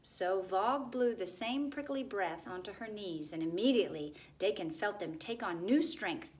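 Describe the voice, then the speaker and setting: Woman, storybook reader, steady, expressive, medium pitch. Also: moderate pace, few pauses, rough recording. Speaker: narrator. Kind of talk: reading a children's book aloud.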